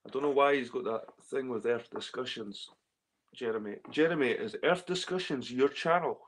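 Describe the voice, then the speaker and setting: At a moderate pace and in a mid-range voice, a Scottish livestreamer works through his chat casually. His replies ramble, include swearing, and repeat themselves.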